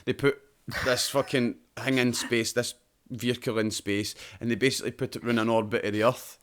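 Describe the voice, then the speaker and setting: Scottish man, podcast host, casual chat, swears a lot, animated explanations, mid-pitched voice. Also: fairly quick. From Scotland.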